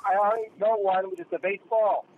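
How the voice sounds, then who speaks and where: A man's voice: high-pitched, fairly even intonation, quick pace, a little hiss or hum. Hesitant male caller on a tinny phone line. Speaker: radio show caller. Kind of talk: phone call-in chat. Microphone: telephone.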